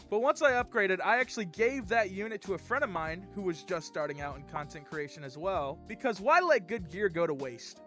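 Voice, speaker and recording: Brief: young male host, bright higher voice, lively chatty review delivery. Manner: upbeat, chatty walkthrough. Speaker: gear reviewer, channel host. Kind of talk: casual product review.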